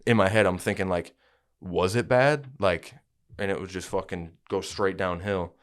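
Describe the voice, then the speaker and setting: A young man tells a personal story on a laid-back podcast, loose and profane. His voice sits deep and low, with a smooth, clear tone. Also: little pitch movement, moderate pace. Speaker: podcast host. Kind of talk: casual chat.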